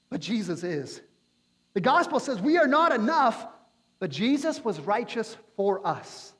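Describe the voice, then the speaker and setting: A male pastor preaching a sermon with passion, building to near-shouts at his high points. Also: husky. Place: church sanctuary. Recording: long hall reverb.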